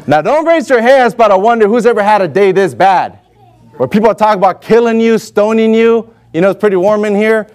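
A man preaching a sermon, reading scripture aloud and acting out the figures in a lively, animated way. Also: high-pitched, fairly quick. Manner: animated, acts out voices for Moses and God. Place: warm indoor church hall.

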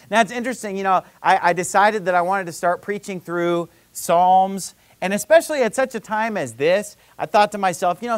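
A man's voice: sits high, dry recording. A man preaching a sermon, reading scripture aloud and explaining it with emphatic, rising intensity. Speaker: pastor.

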